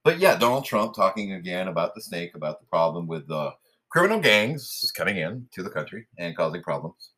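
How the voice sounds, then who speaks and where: A man's voice: sits low, sing-song, a little fast, fairly bright tone, slightly rough. A man from New York hosting a podcast, talking casually with hesitations and fillers. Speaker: podcast host.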